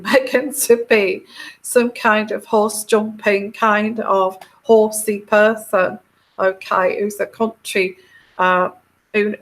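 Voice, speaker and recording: A woman's voice: medium pitch, a bit bright. A middle-aged woman, talking casually as a tarot reader, chatty and giggly, with many fillers and restarts. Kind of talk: casual monologue.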